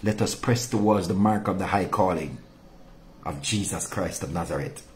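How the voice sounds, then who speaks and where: A male pastor delivering an impassioned, rebuking sermon, dropping low and soft to drive points home. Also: moderate pace, slight background noise.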